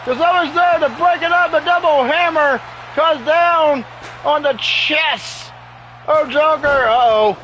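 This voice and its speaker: A man giving excitable play-by-play commentary over a wrestling video game at home, often exclaiming in alarm. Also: very high voice, takes it slowly, muffled recording, a little hiss or hum. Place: home with sleeping dogs nearby.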